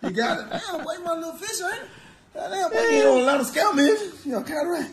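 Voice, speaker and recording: A man playing a loud, boastful football fan who collects his bets and taunts the losers in a comedy sketch. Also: very high-pitched, animated, a little fast, over a noisy crowd. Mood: crowing. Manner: shouting, gloating, teasing.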